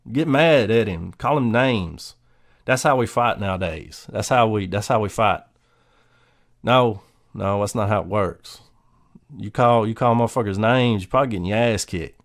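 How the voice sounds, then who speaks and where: A man's voice: medium pitch, lively intonation, measured pace. A man giving a blunt, profane, casual movie review, often laughing and mocking.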